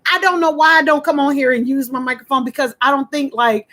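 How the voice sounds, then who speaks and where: A woman who once hosted a radio show, casually telling a story to her viewers and acting out the voices she quotes. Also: quick pace. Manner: animated, acts out quoted voices with big pitch jumps. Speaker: former radio host.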